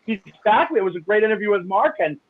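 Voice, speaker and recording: This is a man co-hosting a radio talk show over a tinny phone line. His voice sits a little high and sounds husky. He talks excitably, with big swings in pitch. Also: fast talker. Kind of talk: casual talk-show chat. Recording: phone-line call-in audio.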